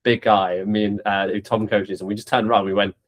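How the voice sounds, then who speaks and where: A young man hosting a podcast, chatting casually with lots of swearing, restarts and bursts of excitement. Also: fairly low pitch, a little fast. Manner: swears freely, animated, many restarts. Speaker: podcast host. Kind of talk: casual chat.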